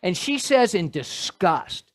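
A male pastor preaching a sermon in an animated way, with joking asides to his congregation. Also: high-pitched, takes it slowly.

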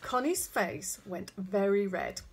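Lively, husky-voiced woman reading a children's story. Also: mid-range voice, slow. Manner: chatty, addresses listeners directly. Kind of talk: children's story read-aloud.

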